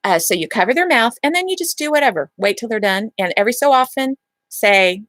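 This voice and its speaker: Chatty, higher-voiced woman giving parenting advice. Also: fairly quick, no room sound. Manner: explains step by step, checks in with repeated "okay?"; acts out calm lines to a child in a gentle voice. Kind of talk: instructional talk to camera.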